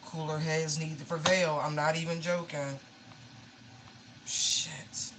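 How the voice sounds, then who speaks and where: Emotional low-voiced woman tarot reader. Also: level tone, slow, background noise. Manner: emotional, exclaiming, pleading; swears casually, says y'all. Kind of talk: casual live tarot reading.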